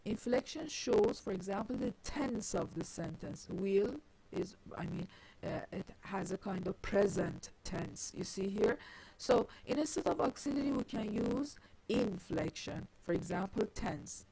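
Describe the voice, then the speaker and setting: A linguistics lecturer with a warm, husky, medium-pitched and expressive voice explains syntax tree diagrams step by step in a recorded grammar lecture. Her delivery is halting, often restarting with "I mean," and the audio quality is poor.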